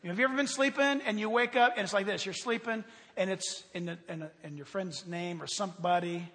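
A man preaching a sermon, animated, acting out prayers and asking his congregation questions. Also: high voice, fast talker. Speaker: pastor. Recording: long hall reverb.

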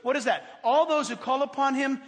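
A man preaching a sermon, animated, acting out prayers and asking his congregation questions. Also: extremely high pitch, brisk. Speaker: pastor. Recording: long hall reverb.

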